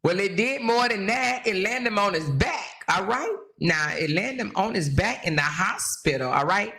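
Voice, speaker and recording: A woman's voice: medium pitch, expressive, normal speed, a bit bright. A woman hosting a live talk stream, chatting animatedly with viewers, laughing often and speaking straight to her audience. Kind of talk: casual gossip chat with live viewers.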